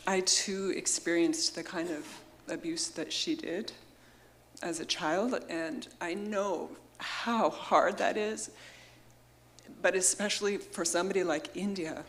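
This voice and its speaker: A middle-aged woman speaks slowly and deliberately at a memorial gathering, her words earnest and heartfelt. She is audibly emotional as she talks into a microphone, pausing often and never rushing. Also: fairly low pitch, a little hiss or hum. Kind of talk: memorial tribute speech.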